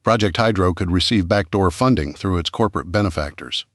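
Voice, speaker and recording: A man voicing an earnest young woman scientist, the calm peacemaker of the group, in an audiobook. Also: low-pitched, fairly quick, no echo, studio quality. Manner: earnest, worried. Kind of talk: audiobook character voice.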